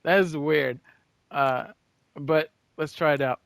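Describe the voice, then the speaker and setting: A man giving casual reaction commentary while he plays a video game, rambling and thinking out loud, repeating words and tossing in "bro.". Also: a little high, steady tone, slow, gravelly, dry recording, clean studio sound. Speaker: gaming video creator.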